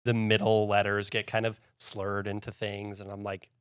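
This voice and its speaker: A man's voice: on the low side, monotone, moderate pace, clear, resonant tone, no room sound, studio quality. A man from Utah with a Utah accent, co-hosting a podcast in a chatty, casual way. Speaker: podcast co-host. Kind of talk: casual interview chat.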